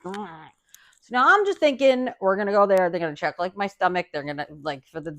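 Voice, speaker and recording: A woman's voice: mid-range voice, expressive, brisk, a bit bright. A woman hosting a podcast who tells a personal story in a casual, profane, laughing way. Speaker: podcast host.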